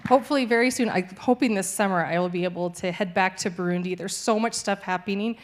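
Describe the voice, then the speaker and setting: A woman's voice: mid-range voice, fast talker. A young adult woman, a missionary, giving a cheerful church testimony and laughing easily through hard news. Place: church sanctuary.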